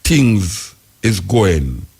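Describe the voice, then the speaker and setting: A man's voice: lowish voice, sing-song, extremely slow, gravelly, darkish tone, breathy edge. A Jamaican man hosting a talk radio show, delivering rambling, emphatic commentary in patois.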